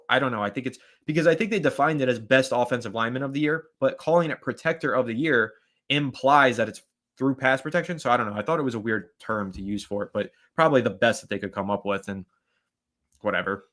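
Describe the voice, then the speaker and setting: A man hosting a live fan stream, chatting casually, rambling and shouting out viewers by name as he reads their comments. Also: medium pitch, quick pace.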